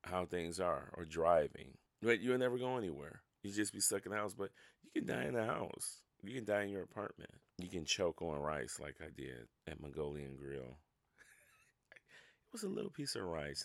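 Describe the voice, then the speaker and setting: Deep, gravelly man hosting a solo podcast. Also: expressive, normal speed, a bit bright, no room sound. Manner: rambling, self-mocking, laughs at his own stories. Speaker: podcast host. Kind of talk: casual solo podcast monologue.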